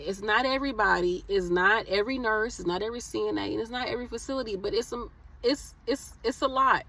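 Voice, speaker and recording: Young woman, slightly high-pitched, giving a fired-up heartfelt rant to camera. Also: a bit bright. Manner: impassioned, preachy, addresses viewers as y'all. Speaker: nurse vlogger. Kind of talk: emotional casual rant to camera.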